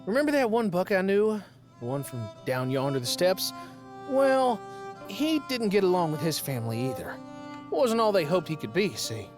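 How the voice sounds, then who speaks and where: A woman's voice: lowish voice, sing-song, normal speed. A woman playing a kindhearted country boy. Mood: somber. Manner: folksy rural drawl, plain talk. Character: simple, kindhearted young country man. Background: game music.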